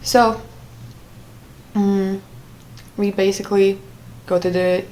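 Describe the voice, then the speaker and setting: A young woman talks through a personal story in a loose, unscripted way, full of fillers, restarts and asides. Her pitch sits in an ordinary middle range. A faint hiss runs under the recording. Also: little pitch movement, slow pace, a little mellow. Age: young adult. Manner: rambling with frequent fillers and restarts. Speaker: vlogger. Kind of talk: casual storytime monologue.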